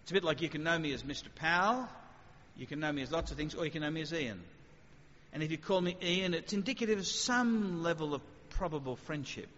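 This sermon comes from a man whose voice sits fairly high and moves a little fast, chatty and lively, full of rhetorical questions. The audio is a bit dull and muffled, with his words echoing in a long hall reverb.

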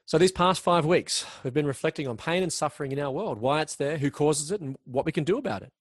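A man's voice: on the high side, animated, no echo. Earnest preacher man, dry close sound. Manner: earnest, slows down for emphasis, occasional restarts. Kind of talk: sermon.

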